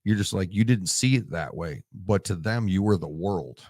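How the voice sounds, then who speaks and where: A man's voice: sits low, normal speed, a little mellow, dry recording, clean studio sound. A veteran man in his forties, telling war stories in a casual interview, emotional and tearing up, swearing and restarting his sentences. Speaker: Marine veteran guest.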